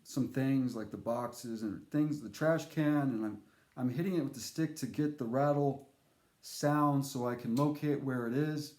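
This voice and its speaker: A man telling a casual spoken anecdote in a rambling, animated way, with fillers and restarts. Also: medium pitch, a little slow. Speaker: storyteller. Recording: echoey room.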